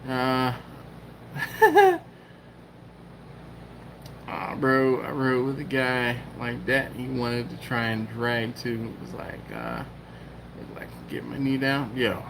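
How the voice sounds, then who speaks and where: A man's voice: mid-range voice, slow, creaky, pauses often, background noise. A man from the Philadelphia area hosting a live stream, telling a story in casual talk and acting out the quotes. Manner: animated, acts out quotes and cat sounds. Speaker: YouTube host.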